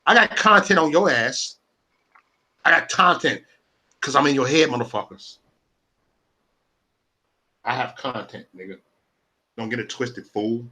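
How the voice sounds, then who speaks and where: Brief: forties male stream host on a profane, combative rant, bright edgy tone. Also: mid-range voice, measured pace, pauses often. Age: 40s. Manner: profane, repetitive, confrontational. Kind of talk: ranting live stream talk.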